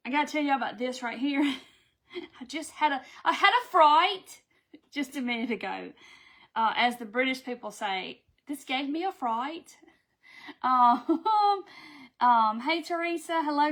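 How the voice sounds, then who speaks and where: A woman's voice: sits high, fairly bright tone. A woman hosting a casual craft live stream, chatting, greeting viewers by name and laughing often. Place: home craft room.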